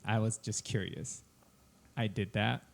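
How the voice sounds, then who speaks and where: A man, a comedian telling a story on a podcast, halting and repeating words and laughing as he goes. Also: lowish voice, fairly even intonation, vocal fry. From Japan. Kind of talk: casual storytelling.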